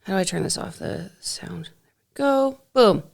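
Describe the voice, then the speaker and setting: This is a woman co-hosting a podcast in relaxed, casual chat, her voice in a middle range. She talks in a breezy, rambling way, scattering filler words throughout. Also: medium pitch, measured pace, vocal fry, a little hiss or hum. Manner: breezy, talkative, frequent "like" fillers.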